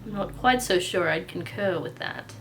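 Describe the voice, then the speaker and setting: Woman doing a soft, patronizing doctor. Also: fairly low pitch, normal speed, a little hiss or hum, close to an everyday voice. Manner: soft-spoken, murmuring. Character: calm, patronizing male doctor, soft and provoking.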